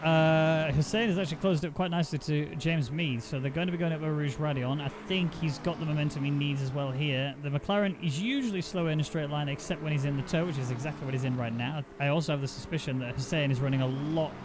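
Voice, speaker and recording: Male esports race commentator, excitable, slightly high voice, noisy background. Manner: excitable, quick to rise in pitch on action. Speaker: sim racing commentator.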